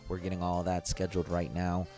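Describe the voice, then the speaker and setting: A man's voice: deep voice, completely flat delivery, brisk, mellow, faint music behind. A man hosting a casual podcast clip show, talking in a loose, rambling way. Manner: loose, rambling, pleading asides. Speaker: podcast host.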